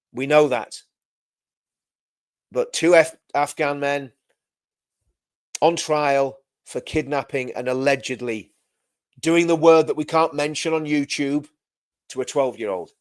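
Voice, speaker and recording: A middle-aged man rants on his livestream in a sardonic, indignant tone, circling back to repeat his own lines. His voice sits on the high side. The sound is dry and close, with no room around it. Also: dry recording. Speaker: livestream host. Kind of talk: ranting livestream commentary.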